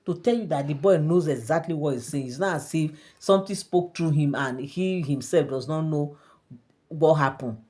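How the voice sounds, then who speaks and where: A woman's voice: deep voice, normal speed, mellow. A woman casually retelling a story in a chatty, repetitive way, full of "they said" and "eh". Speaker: gossip storyteller.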